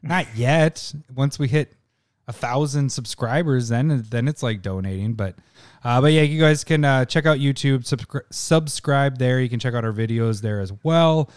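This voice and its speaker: A man's voice: medium pitch, normal speed, clean tone, no echo, studio quality. A man co-hosting a podcast in casual chat, joking and laughing often. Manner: joking, laughs often, bits of silly voices. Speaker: podcast co-host.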